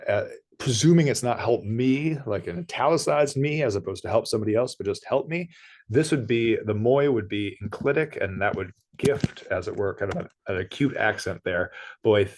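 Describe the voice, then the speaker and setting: A man's voice: medium pitch, a little mellow. A man teaching a language lesson, explaining step by step with small asides and self-corrections. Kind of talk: screen-shared language lesson.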